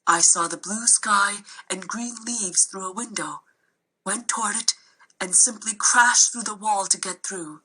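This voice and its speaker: A woman narrating a children's novel aloud in a steady storytelling way. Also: mid-range voice, a little slow, husky, rough recording. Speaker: reader.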